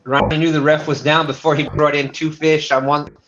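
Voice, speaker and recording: A man's voice: fairly high pitch, flat delivery, a little fast, fairly bright tone. A man hosting a live fishing stream, casually chatting and reading viewer comments aloud. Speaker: livestream host. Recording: dull lo-fi stream audio with noise.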